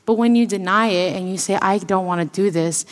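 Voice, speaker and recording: A young woman giving a sermon at a church service, telling a personal story in a lively way and acting out the voices she quotes. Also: mid-range voice, a little fast. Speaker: student speaker at church service. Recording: long reverb of a large hall.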